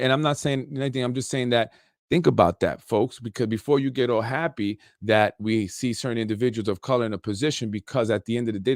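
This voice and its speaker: A man's voice: mid-range voice, a little mellow, dry recording, studio quality. A man hosting a political podcast, ranting in unscripted commentary with street slang, many fillers and repeated words.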